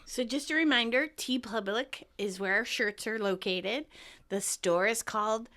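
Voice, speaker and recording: A woman's voice: a little high, moderate pace, bright, forceful tone. A woman co-hosting a podcast about a sitcom, chatty and laughing often. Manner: giggly, chatty. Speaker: podcast co-host. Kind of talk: casual chat.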